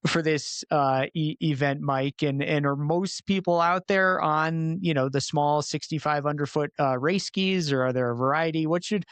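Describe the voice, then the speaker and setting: A man's voice: a little high, fairly even intonation, moderate pace, hardly any pauses, a bit bright, smooth, no room sound. A man hosting a podcast interview, talking enthusiastically in a casual chat with frequent restarts. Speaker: podcast host.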